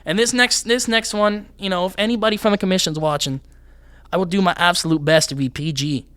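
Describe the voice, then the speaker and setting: A young man who is a fighter, a guest on a podcast, telling stories in casual chat in an animated, rambling way. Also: high voice, a little fast, clear, resonant tone.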